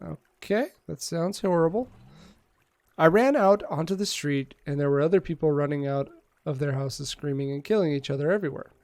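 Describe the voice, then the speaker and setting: A man streams a game from home, reading its dialogue aloud in a casual way and tossing jokes to his viewers. His slightly high voice has a gravelly texture, and the close mic sounds dry. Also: a little mellow, dry recording. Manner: casual, joking, reads text aloud with asides.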